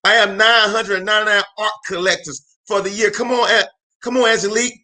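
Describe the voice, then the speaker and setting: A man hosting a live motivational talk alone in a room, energetic and emphatic, repeating phrases and calling out to viewers like a preacher. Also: high voice, brisk. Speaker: motivational speaker and show host.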